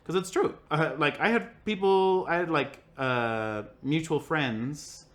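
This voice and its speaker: A young man casually telling a personal story as a podcast guest, animated and acting out the people he quotes. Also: fairly high pitch, slow pace. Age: young adult. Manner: animated, acts out quoted voices, many "like" fillers.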